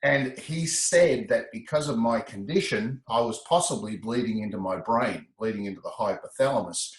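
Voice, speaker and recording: Animated man telling his story. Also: medium pitch, moderate pace, roomy sound, poor audio. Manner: animated, breaks into laughter, repeats words. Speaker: interview guest, laughter specialist. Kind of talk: storytelling in a casual interview.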